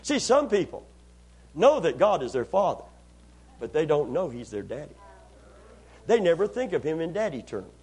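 A pastor's slightly rough, a-little-high voice swings widely in pitch as he preaches a sermon. He calls on the church congregation to answer him and lifts key lines into loud, prolonged emphasis.

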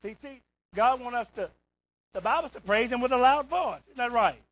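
A man preaching a call-and-response sermon in church, rising to shouts on key words and asking "isn't that right?" again and again. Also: very high-pitched, lively intonation, normal speed, no room sound, poor audio. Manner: rises to shouts on emphasis, repeats "isn't that right?".

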